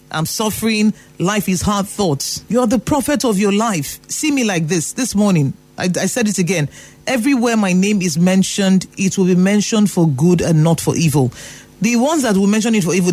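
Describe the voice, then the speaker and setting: A man's voice: sits high, darkish tone. A Nigerian man giving an emphatic motivational talk, repeating phrases for emphasis. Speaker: motivational speaker.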